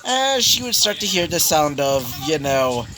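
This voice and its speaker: A man's voice: a little high, sing-song, unhurried, bright, forceful tone. Rambling young man telling a story. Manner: rambling, full of 'you know' and 'basically'. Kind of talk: improvised fan story narration.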